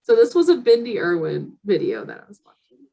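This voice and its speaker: A woman's voice: mid-range voice, sing-song, fairly quick, creaky, mellow, muffled recording. A woman from the United States co-hosting a podcast in casual chat, talking chattily and laughing often. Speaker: podcast co-host.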